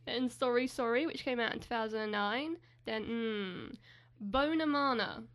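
Brief: young woman co-host, high voice, giggly, joking at her own expense. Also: normal speed, fairly bright tone. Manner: giggly, self-deprecating. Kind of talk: casual chat.

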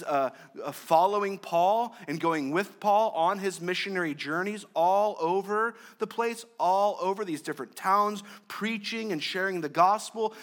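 A young male pastor delivers a sermon in a conversational style, tossing in joking asides. He swings between loud emphasis and quiet, low lines.

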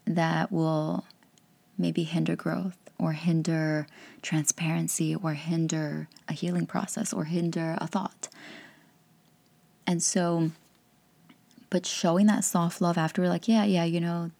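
A woman in her thirties talks through parenting advice in a candid, chatty podcast monologue. Her voice sits on the low side with a gravelly edge, and she laughs often. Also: flat delivery, unhurried, mellow. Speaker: podcast host and life coach.

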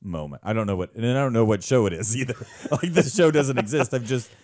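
A man's voice: mid-range voice, animated, fairly quick, darkish tone. A man co-hosting a podcast in casual, comedic chat, rambling and self-mocking as he talks. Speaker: podcast co-host.

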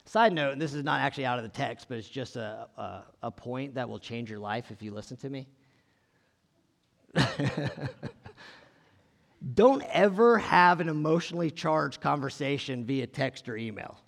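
A man's voice: medium pitch, expressive, normal speed, vocal fry, pauses often, big-room sound. A man preaching a conversational sermon, reading scripture and asking his listeners questions in a casual way. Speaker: pastor.

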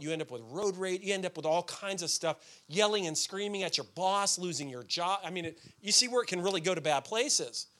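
Man, pastor, sermon, high pitch, bright tone, animated storytelling, bursts of shouting.

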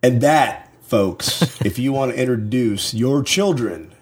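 A man's voice: mid-range voice, lively intonation, slow. A man with a son, co-hosting a podcast and telling a rambling, profane comic story in casual chat. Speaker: podcast co-host.

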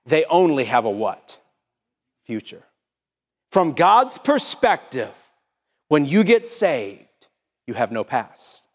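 Male pastor, middle-aged, high pitched, very lively delivery, emphatic sermon, long church reverb. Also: slow. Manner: emphatic call-and-response preaching, rising and falling. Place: church sanctuary.

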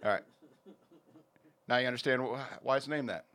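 A man hosts a loose, casual podcast. He rambles and jokes his way through sponsor reads, full of ums and asides, at an average pitch. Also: normal speed, a bit bright. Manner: rambling, jokey, many fillers. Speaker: podcast host.

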